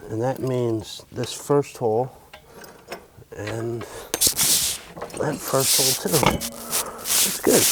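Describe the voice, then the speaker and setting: Over some background noise, a man with a mid-range voice narrates to himself while fixing a tractor for his DIY farm vlog. He's casual, profane, and joking as he works.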